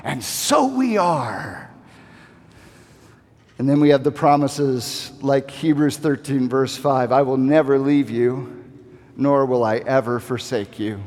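A man preaching a sermon, rising to emphatic passages and then dropping to slow, quiet repetition of key phrases. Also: mid-range voice, big-room sound.

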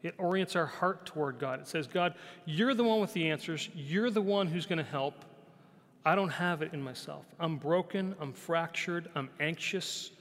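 A male pastor preaching a conversational sermon. He repeats phrases, often asks "right?", and sometimes drops to a soft, quiet voice. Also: on the high side, normal speed. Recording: long hall reverb.

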